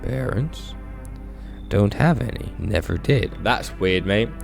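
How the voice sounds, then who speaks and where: Eerie deep-voiced kid, a man voicing him, flat and terse, game dialogue. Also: slow, creaky, soft background music, full character voice. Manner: flat, low, blunt short answers. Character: strange deep-voiced orphan child. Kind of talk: video game voice acting.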